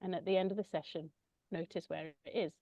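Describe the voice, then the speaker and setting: A woman gently describing her children's massage work, pausing often with ums. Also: fairly low pitch, fairly even intonation, dry recording, lo-fi sound. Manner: gentle, hesitant with many ums. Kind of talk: casual conversational sharing.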